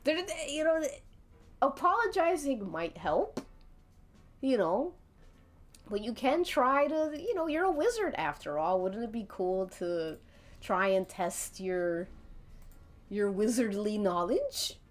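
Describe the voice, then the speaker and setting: A woman's voice: mid-range voice, sing-song, takes it slowly. A woman narrating a tabletop game as game master on a live stream, chatty and laughing often. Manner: giggly, chatty.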